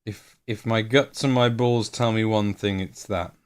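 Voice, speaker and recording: A man's voice: on the low side, fairly even intonation, a little slow, clean tone. A man in his late thirties chatting casually on a live stream while painting miniatures, rambling and joking and laughing at himself. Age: 30s.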